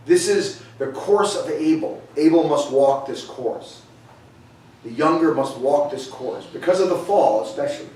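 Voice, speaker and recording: A man's voice: a little high, darkish tone, a little hiss or hum. A man preaching a sermon in a conversational way, retelling scripture with frequent restarts. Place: sanctuary hall. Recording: very echoey room, voice from far off.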